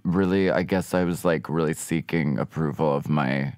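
A man's voice: very deep voice, moderate pace, darkish tone, no room sound. A man from Pennsylvania, a drag queen guest on a podcast, chatting casually with dry, playful humor. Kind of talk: casual interview chat.

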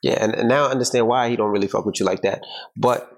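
A man's voice: fairly low pitch, fairly even intonation, quick pace. Laid-back man telling a story. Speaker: podcast co-host. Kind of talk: casual chat.

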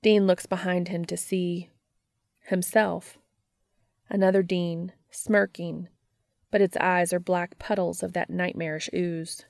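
Slow gravelly woman reading a story. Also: lowish voice, level tone, darkish tone, no echo, clean studio sound. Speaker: narrator. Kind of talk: fan fiction read aloud.

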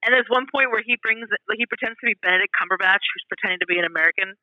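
Fast-talking podcast cohost lady, high voice, kinda dull lo-fi mic. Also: no echo. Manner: quick, chatty. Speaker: podcast co-host. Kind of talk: casual podcast chat.

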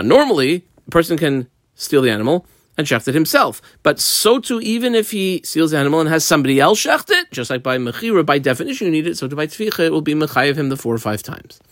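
A man giving a daily Talmud lesson, explaining the page casually with everyday examples and frequent pauses. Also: a little high, fairly bright tone, no echo, clean studio sound. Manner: halting, with frequent ums and restarts. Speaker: Talmud teacher.

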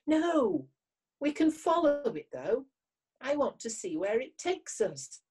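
A woman's voice: a little high, big pitch swings, takes it slowly, dark tone, distant mic, pitched above the performer's own voice. A woman voicing a lonely, curious young male fox in a storybook reading, in a raised, eager voice. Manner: eager, wondering.

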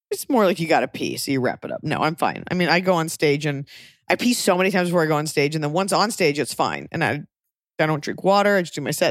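A young woman hosting a podcast, telling stories in a wry, animated way with acted-out quotes. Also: low-pitched, no room sound, clean studio sound. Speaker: podcast host. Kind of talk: casual chat.

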